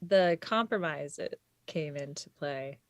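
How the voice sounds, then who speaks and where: A woman co-hosting a casual chat, easygoing and quick to giggle. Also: low voice, no room sound, studio quality.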